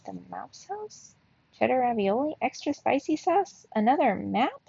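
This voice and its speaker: A woman's voice: fairly high pitch, very animated, a little slow, vocal fry, warm tone, husky, pitched above the performer's own voice, full character voice. A woman doing a grumpy male mouse. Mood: grumbling. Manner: grumbling, shrieking protests. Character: grumpy sleepy male mouse, reluctant brother. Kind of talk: storybook read-aloud. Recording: dull, lo-fi, dry.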